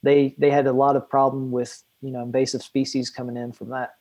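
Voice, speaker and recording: A man's voice: medium pitch, level tone, fairly quick, a little mellow. A young man, a guest outdoor educator, talking in a rambling casual podcast chat full of fillers and restarts.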